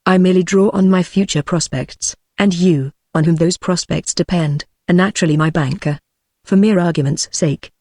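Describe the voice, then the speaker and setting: A text-to-speech woman's voice with a British English accent, reading a classic novel aloud at a steady, measured pace without voicing the characters. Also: lowish voice, dry recording, clean studio sound. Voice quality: synthetic, evenly paced. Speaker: audiobook narrator.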